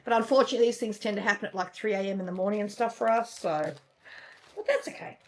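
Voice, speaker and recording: A woman with a mid-range voice talks fast as co-host of a cross-stitch channel's casual crafting chat. She gushes and chats freely, often trailing off mid-sentence.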